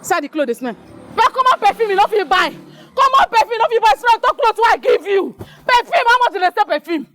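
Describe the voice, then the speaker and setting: An actress with a Nigerian accent playing a furious woman who loudly shames a man who owes her money, shouting in Pidgin. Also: very high voice, very animated, fairly quick, background noise. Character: loud furious woman shaming a debtor in public. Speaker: businesswoman owed money. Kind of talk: Nollywood film acting.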